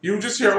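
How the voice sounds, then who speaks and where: A man narrating as game master of a tabletop game, lively and quick to laugh, shouting in big moments. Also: very high-pitched, echoey room, very noisy.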